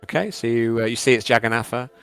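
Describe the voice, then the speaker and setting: A man's voice: mid-range voice, quick pace, smooth, no echo, soft background music. A man running a tabletop game as game master, narrating scenes in a descriptive way with many fillers.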